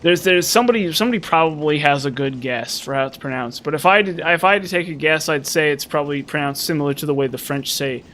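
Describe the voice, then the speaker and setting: A young man with a somewhat high voice talks his way through a game session, wandering from thought to thought and restarting his sentences. He muses aloud in an easy, unscripted way. Faint game sounds hum behind him. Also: quick pace, hardly any pauses, fairly bright tone. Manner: rambling, musing, many restarts and fillers. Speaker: gaming channel host. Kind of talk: casual gameplay commentary.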